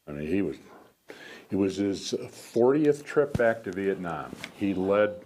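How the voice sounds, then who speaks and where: A man's voice: sits low, very animated, unhurried, darkish tone. An older man in his seventies from the United States, a veteran guest speaker telling stories to an audience in a rambling way, often restarting his sentences. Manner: rambling, frequent restarts and fillers. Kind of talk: storytelling talk to an audience. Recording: faint background noise.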